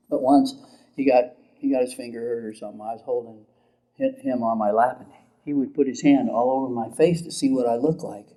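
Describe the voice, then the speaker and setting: A man's voice: mid-range voice, mellow. An older man, a therapist, lecturing a class in a casual, chatty way, laughing often and asking the audience questions.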